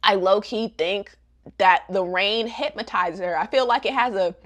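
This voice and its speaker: A young woman vlogger giving a casual, gossipy recap in an animated, slangy way. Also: mid-range voice, normal speed.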